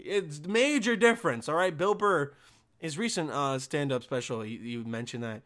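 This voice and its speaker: A man's voice: a little high, lively intonation, normal speed, fairly bright tone. A young man who works a motel front desk, telling a rambling, sarcastic work story full of swearing. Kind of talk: casual profane storytelling rant.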